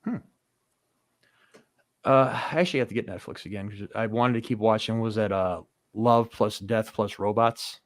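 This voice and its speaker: A man's voice: on the low side, normal speed, no room sound. Rambling, loose-talking man host. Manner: rambling, loose, swears casually. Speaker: podcast host. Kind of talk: casual chat.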